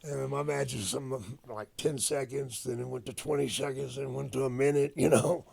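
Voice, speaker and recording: An older man, a retired wrestler, telling stories in a casual interview, profane and animated as he acts out old conversations. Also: mid-range voice, brisk, a crowd in the background. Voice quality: gravelly, husky. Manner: profane, animated storyteller acting out quoted dialogue.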